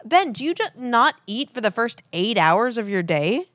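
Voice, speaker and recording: A woman's voice: on the high side, big pitch swings, moderate pace, fairly bright tone, no echo. A young woman co-hosting a comedy podcast, chatting in a playful, talkative way. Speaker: podcast co-host. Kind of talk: casual comedy podcast chat.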